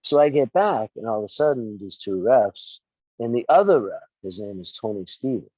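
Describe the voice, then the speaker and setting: A middle-aged man in casual podcast chat, telling a story with lively acted-out quotes and plenty of swearing. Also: lowish voice, moderate pace, dry recording, low-quality recording. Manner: animated storyteller, acts out quotes, profane. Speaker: wrestling referee and podcast guest.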